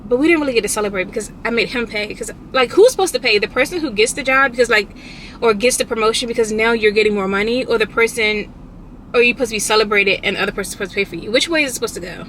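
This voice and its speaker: A young woman talks to her camera from inside a car, her voice slightly high and very bright. She chats casually and tells stories in an animated way, quoting herself. Faint car noise hums underneath. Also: very fast. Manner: chatty, animated storytelling with quoted outbursts. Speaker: vlogger. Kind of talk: casual vlog chat.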